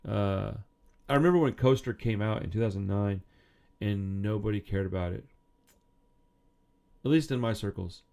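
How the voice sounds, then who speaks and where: A man's voice: on the low side, moderate pace, vocal fry, pauses often, dark tone. A man in his thirties giving casual, rambling commentary, reading out quotes from a magazine article with frequent swearing. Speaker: punk music video host.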